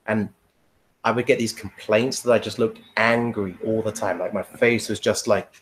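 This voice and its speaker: A man's voice: fairly low pitch, fairly even intonation, moderate pace, slight background noise. A man in casual podcast chat, telling a long rambling story, swearing freely and laughing often. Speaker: podcast guest.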